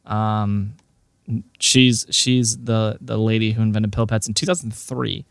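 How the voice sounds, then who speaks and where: A man's voice: lowish voice, steady tone, unhurried, vocal fry, no room sound, clean studio sound. A young man co-hosting a podcast in casual chat, telling stories earnestly with many filler words. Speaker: podcast co-host.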